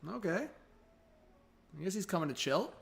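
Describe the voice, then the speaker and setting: A young man hosting a live hockey reaction stream, chatty and excitable, thanking viewers and coaxing his dog. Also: high-pitched, normal speed, vocal fry. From Canada. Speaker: livestream host.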